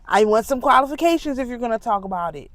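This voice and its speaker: A woman's voice: fairly high pitch, fast, no echo. Indignant woman ranting with a congested voice. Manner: emphatic, indignant, animated rants. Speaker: spiritual commentator. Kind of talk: casual monologue.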